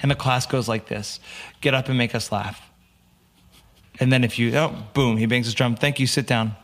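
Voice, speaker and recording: A man's voice: medium pitch, normal speed. A young man from the United States, a podcast guest telling stories in casual chat and acting out the people he quotes. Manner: animated storyteller, acts out quotes. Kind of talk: casual storytelling interview.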